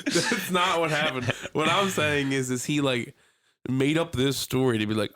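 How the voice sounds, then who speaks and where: A young man co-hosting a podcast, telling a long story in casual chat, swearing freely and breaking into high voices when he quotes people. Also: moderate pace, a bit bright, no echo, clean studio sound. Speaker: podcast co-host. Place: small room, in person with co-host.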